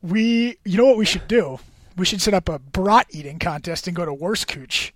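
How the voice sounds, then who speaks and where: A man's voice: high-pitched, lively intonation, moderate pace, no room sound. A man co-hosting a podcast in casual chat, joking and trading playful banter. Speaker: podcast co-host.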